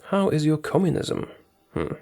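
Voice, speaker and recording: A man's voice: fairly high pitch, sing-song, moderate pace, dark tone. A man giving casual commentary on his strategy game, thinking aloud, talking to his units and correcting himself as he goes.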